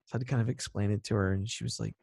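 A man's voice: fairly low pitch, rapid-fire, gravelly, no echo, studio quality. A man co-hosting a podcast, telling stories in casual chat and acting out the people he quotes. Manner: animated storytelling, acts out quoted voices. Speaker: podcast co-host.

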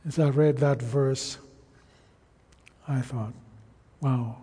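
A man preaching a sermon, slow and emphatic, calling out to the congregation for responses. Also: fairly high pitch, warm tone, husky, in a large hall.

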